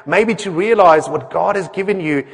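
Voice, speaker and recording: A middle-aged man preaches in an earnest, conversational way, slipping into quoted voices and asking the congregation questions. His voice sits a little high for a man. The sound carries a long reverb tail from a church hall. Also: normal speed, creaky, breathy edge. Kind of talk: sermon.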